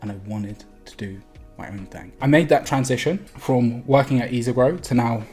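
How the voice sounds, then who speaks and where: A man talking straight to camera as a sales coach, energetic and emphatic, with quick laughs and casual swearing between phrases. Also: mid-range voice, soft background music. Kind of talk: direct-to-camera vlog.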